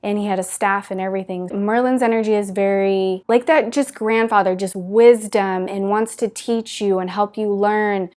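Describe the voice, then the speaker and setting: A woman's voice: medium pitch, fairly even intonation, moderate pace, hardly any pauses, a little mellow. A woman giving a spiritual talk to her viewers, telling it in an earnest, gushing way with many "like" fillers. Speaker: spiritual teacher.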